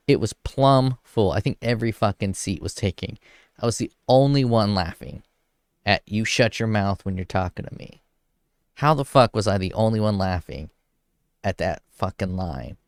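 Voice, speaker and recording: A man's voice: on the low side, no echo, studio quality. A young man ranking comedies in a casual, profane rant, blunt and crude. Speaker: video host ranking films.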